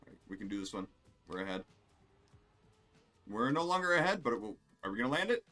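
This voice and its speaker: A man's voice: fairly low pitch, lively intonation, very fast, a bit bright, faint music behind. A man streaming a racing game, rambling and swearing in casual commentary while he plays. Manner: rambling, profane, self-amused.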